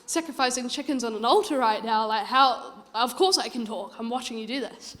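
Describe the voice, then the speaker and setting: A woman's voice: fairly high pitch, fairly quick, a bit bright, in a large hall, natural voice. A woman voicing a curious male missionary lecturer who reacts with disbelief. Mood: incredulous. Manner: incredulous, exclaiming.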